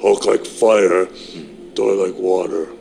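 An actor playing a huge, hot-tempered green brute who talks in short broken phrases, in a film clip with music behind. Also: male voice, deep voice, fairly even intonation, slow pace, gravelly, dark tone, a little hiss or hum, exaggerated voice. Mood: sulky.

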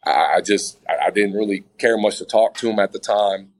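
The audio is poor, and the man's fairly low voice moves briskly. He's an interview guest relating a personal story in a relaxed chat, frequently stammering and restarting while talking to the listeners as "guys."

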